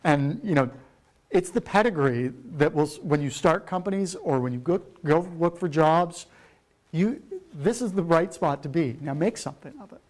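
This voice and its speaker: A man's voice: on the high side, expressive, normal speed. A middle-aged man giving a keynote, rambling with lots of fillers and the odd swear word. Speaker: keynote speaker. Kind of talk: rambling conference talk.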